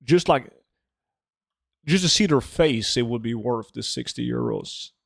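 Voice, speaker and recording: A man's voice: mid-range voice, lively intonation, unhurried, gravelly, no echo, clean studio sound. A man streaming a game, chatting casually with viewers, joking, swearing freely and humming to himself between remarks. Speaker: gold-farming game streamer. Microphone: desk microphone.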